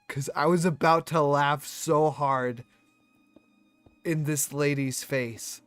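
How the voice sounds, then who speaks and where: A man streaming, telling a story in a rambling, animated way with many restarts and fillers. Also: a little high, slow pace, pauses often, clear, resonant tone, no echo, soft background music. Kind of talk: casual storytelling on a live stream.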